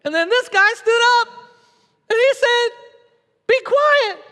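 A man voicing an amazed, excited passenger in a boat, gushing about what he saw. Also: very high voice, slow pace, pitched above the performer's own voice, full character voice. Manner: breathless, gushing storytelling. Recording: long hall reverb.

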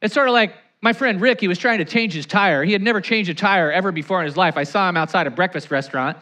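A man's voice: sits high, fast talker. A man preaching a sermon as a pastor, leading the congregation to repeat lines and acting out stories and quotes. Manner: animated, acts out anecdotes and quotes; leads the congregation in call-and-response.

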